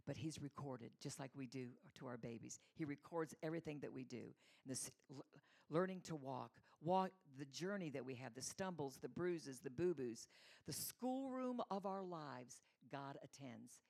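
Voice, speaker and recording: A woman's voice: very deep voice, lively intonation, moderate pace, gravelly, darkish tone. A middle-aged woman giving a conversational, storytelling sermon as a mother, acting out the voices she quotes. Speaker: church speaker, mother.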